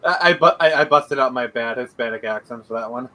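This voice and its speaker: A man's voice: medium pitch, brisk, bright, forceful tone, poor audio. A young man talking casually as a guest on a livestream, rambling with many fillers. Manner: rambling, hesitant, lots of fillers. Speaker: guest comic creator.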